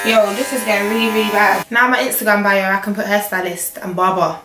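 A young woman with a croaky, hoarse voice, chatting casually and joking to camera while styling a wig at home. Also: medium pitch, fairly even intonation, fast, few pauses. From England. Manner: chatty, joking, self-talk asides. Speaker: hair vlogger. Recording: echoey room, faint noise.

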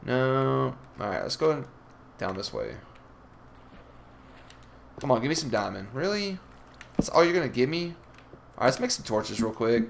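A man's voice: mid-range voice, moderate pace, vocal fry, pauses often, a little hiss or hum. A young man hosting a Let's Play, commenting as he plays, swearing and taunting the monsters. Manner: animated, swears, trash-talks the monsters. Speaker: gaming channel host.

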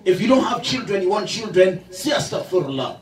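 A man's voice: high voice, sing-song, a little fast. A male Islamic lecturer giving a religious talk in a mosque hall, jovial and laughing often as he leads the audience in repetition. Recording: echoey hall, from far off.

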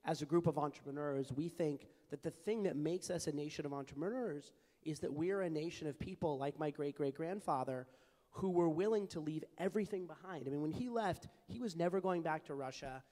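A young man with a fairly high voice speaks earnestly on a panel, telling personal stories with plenty of fillers and restarts. His voice rings out with a long reverb, as if he is in a large hall. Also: fairly quick, dark tone. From California. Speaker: panelist, advocacy group founder. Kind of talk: panel discussion. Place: large hall at a public forum.

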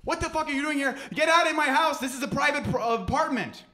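A man voicing a furious man who yells at an intruder in his apartment, shouting with outrage. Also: extremely high pitch, quick pace, reverberant, voice pushed up. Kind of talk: stand-up comedy.

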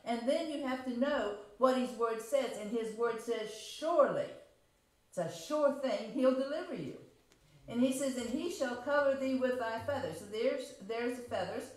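A woman's voice: fairly high pitch, normal speed. A woman preaching a homespun, conversational sermon, reading scripture aloud and explaining it, repeating and rephrasing her points and asking the congregation questions. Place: church sanctuary. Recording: very echoey church room.

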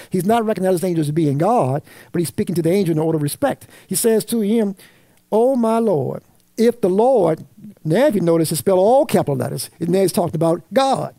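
Sunday school teacher reading scripture, quizzing the class, warm and dry. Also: medium pitch, creaky, no room sound. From Virginia. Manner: reads scripture aloud, quizzes the class with fill-in questions. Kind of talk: Bible study teaching. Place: church classroom.

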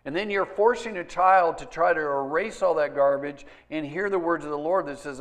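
A man's voice: a little high, moderate pace, hardly any pauses, fairly bright tone. An older man, a pastor, preaching a sermon in an earnest, conversational way and acting out little quotes.

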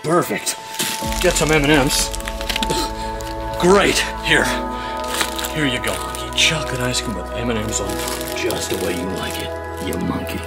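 A man's voice: medium pitch, animated, normal speed, long pauses, loud music behind the voice. A man voicing a sly male ice cream seller over game footage, teasing and giggling often. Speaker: game video voice actor. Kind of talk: playful character voicing over gameplay.

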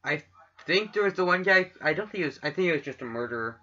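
A man's voice: a little high, expressive, sharp tone, highs cut off. A Canadian man co-hosting a podcast, joking around in goofy casual chat. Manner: goofy, quick to joke. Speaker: podcast co-host.

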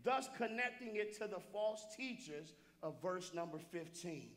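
High, bright-voiced preaching pastor. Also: male voice, a little slow. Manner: lively preaching that repeats phrases and calls out to listeners by name. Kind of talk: sermon. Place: church sanctuary.

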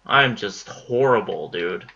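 A man's voice: lowish voice, slow, vocal fry, bright, forceful tone, muffled recording. A young man giving casual commentary on his own gameplay, frustrated, swearing and muttering at the enemy.

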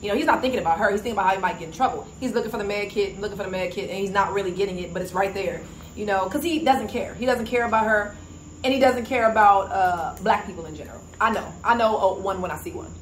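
A woman vlogger talks in a casual, emphatic way, pressing her points with indignation. Her voice sits at an ordinary middle pitch. It is recorded in an echoey room with a faint hum of ambience behind her. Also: fast. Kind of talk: casual commentary.

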